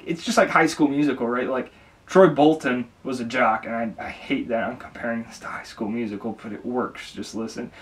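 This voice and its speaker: A man's voice: medium pitch, recorded from a distance. Enthusiastic young man, slightly off-mic. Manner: enthusiastic, rambling with restarts. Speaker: video host. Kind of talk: casual ranking monologue.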